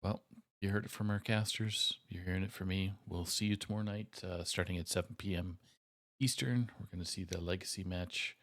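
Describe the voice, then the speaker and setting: A man with a very low voice hosts a live esports stream. He talks casually and haltingly, pausing often as he wraps up the night. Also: steady tone, fairly bright tone. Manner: halting, many filler pauses.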